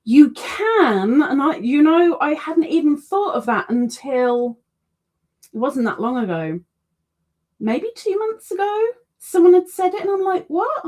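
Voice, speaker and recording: A woman's voice: high-pitched, big pitch swings, measured pace, a little mellow. A woman hosting a casual crafting livestream, reading out viewer comments with chatty, self-deprecating asides. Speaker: crochet livestream host.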